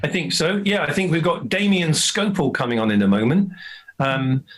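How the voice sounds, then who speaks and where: Older man, host, fairly high voice, joking and self-mocking, casual chat. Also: lively intonation, normal speed, a bit bright, rough recording. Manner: jokey, self-deprecating. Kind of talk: live online interview chat.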